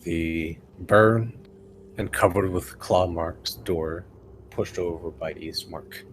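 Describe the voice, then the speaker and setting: A man narrating as game master in a tabletop game, describing scenes slowly with fillers. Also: deep voice, slight background noise.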